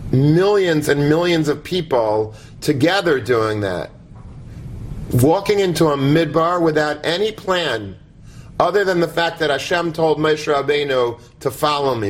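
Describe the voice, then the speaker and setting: A man giving a sermon, conversational and animated, often asking the audience to imagine. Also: fairly high pitch, a little hiss or hum. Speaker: rabbi giving a talk.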